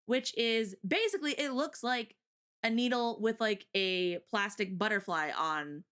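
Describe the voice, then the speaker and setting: Woman streamer, bright voice, chatty storyteller who laughs a lot; casual live chat. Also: medium pitch, unhurried. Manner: chatty storyteller, giggles often. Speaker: co-host of a morning stream.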